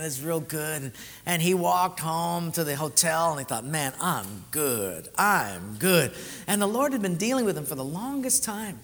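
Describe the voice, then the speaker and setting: Long reverb carries a male pastor's sermon through a church hall. His voice sits slightly high for a man, and his animated storytelling rises into loud bursts before dropping to hushed, intimate lines.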